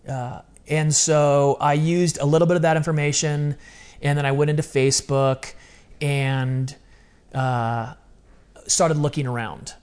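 A man's voice: a little high, a little slow, clear, resonant tone. A man in his fifties telling a personal story in a casual, earnest way, often acting out what he said. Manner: earnest, animated, quoting himself.

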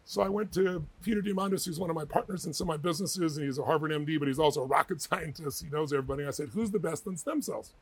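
A husky-voiced man speaks as an interview guest, racing through his stories with energy and emphasis. His pitch sits a touch above the usual for a man, and he rarely pauses. He tells each story with conviction. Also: fairly even intonation, low-quality recording. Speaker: guest author.

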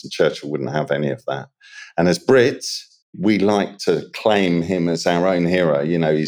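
Low-voiced chatty British man. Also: a little mellow. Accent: British English. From England. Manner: chatty, storytelling, uses British slang. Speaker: guest, water treatment expert. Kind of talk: casual interview chat.

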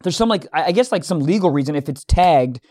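A young man co-hosting a podcast, telling a story in casual chat, animated, acting out both sides of an argument and swearing freely. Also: a little high, fast. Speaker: podcast co-host.

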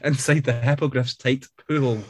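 A man with a husky, breathy voice and a middling pitch. He co-hosts a podcast and reads crude fan fiction aloud in a deadpan way. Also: fairly quick. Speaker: podcast co-host.

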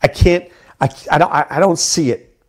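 Animated man giving fantasy football picks. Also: on the high side. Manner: animated, fast asides and self-repeats. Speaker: fantasy sports analyst.

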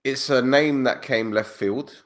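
A man co-hosting a casual football podcast, speaking in a relaxed, blunt and opinionated way about insider club news. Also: mid-range voice, a little slow. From Cyprus. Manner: laid-back, blunt, opinionated.

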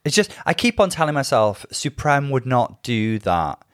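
Man, podcast co-host, chatty storyteller, lively swooping intonation, dry close sound. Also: mid-range voice, moderate pace, dry recording. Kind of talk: casual chat.

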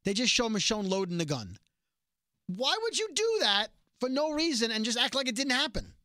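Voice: medium pitch, normal speed, no room sound, studio quality. A podcast co-host giving a casual, sarcastic recap of a TV episode, acting out the characters' lines as they go. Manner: sarcastic, animated retelling of scenes.

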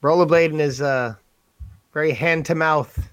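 A man with a slightly raised pitch co-hosts a podcast in an easygoing way and asks follow-up questions. The recording is dry, with no room echo. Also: unhurried, smooth. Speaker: podcast co-host. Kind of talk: casual chat.

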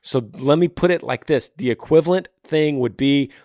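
A man's voice: a little high, moderate pace, darkish tone, no room sound, clean studio sound. A man hosting a podcast, giving earnest, brotherly advice to a listener in a tired voice. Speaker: podcast host. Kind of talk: casual advice chat.

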